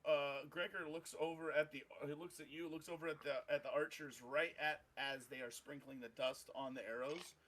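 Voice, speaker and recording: A man's voice: fairly high pitch, steady tone, moderate pace, hardly any pauses, fairly bright tone. A man narrating a tabletop game as game master, rambling with many ums and uhs.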